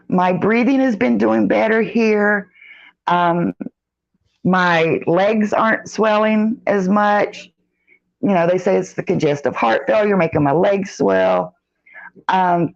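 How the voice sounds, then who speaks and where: A middle-aged woman chatting casually on a live stream, reading out the live chat and greeting viewers by name in a folksy, drawn-out way. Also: medium pitch, gravelly, highs cut off.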